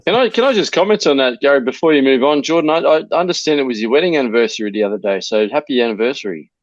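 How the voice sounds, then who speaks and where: A man's voice: mid-range voice, expressive, no echo, muffled recording. A man co-hosting a sports podcast in a mock-serious way. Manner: mock-serious, fast-talking. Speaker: podcast co-host. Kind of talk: casual sports chat.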